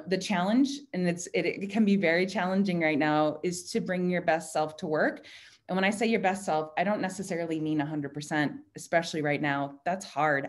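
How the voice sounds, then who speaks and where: A woman speaks on a video call, chatty and animated as she walks through leadership ideas. Her voice sits a little low for a woman, and she drops into lively quoted asides. It sounds like a computer mic. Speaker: design director speaking at a virtual happy hour. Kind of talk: casual talk on leadership.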